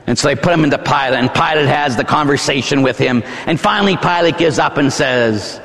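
Theatrical preacher with a gravelly voice. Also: male voice, a little high, a little fast, few pauses, big-room sound. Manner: vivid, theatrical storytelling with sudden shouts. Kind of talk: dramatic sermon.

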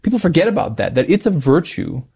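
A male talk show host speaks at a brisk pace. He reflects thoughtfully on his guest's points and often affirms them. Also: a little high, sing-song, gravelly, warm tone, breathy edge. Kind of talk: faith talk show interview.

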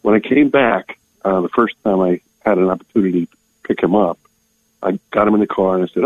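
Older male caller, deep voice, tinny phone line, earnest. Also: dry recording. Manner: earnest, halting, emotional. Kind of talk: phone-in testimony. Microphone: telephone.

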